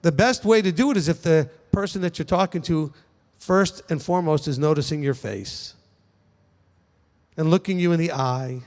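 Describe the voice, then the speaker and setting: A man's voice: a little high, normal speed, a little mellow. Guy rabbi teaching casual, keeps asking okay?, echoey hall. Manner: conversational, frequent "okay?" check-ins, emphatic. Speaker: rabbi answering questions.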